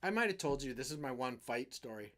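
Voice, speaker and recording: A middle-aged man from western Canada tells a rambling story on his live stream, acting out what people said. His medium-pitched voice moves briskly, and he comes across as an animated storyteller.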